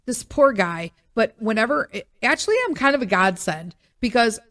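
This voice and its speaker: A middle-aged woman hosting a podcast alone, chatting in an animated, joking way with loud emphatic asides, her voice still recovering from being sick. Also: mid-range voice. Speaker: podcast host. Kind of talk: casual solo podcast monologue.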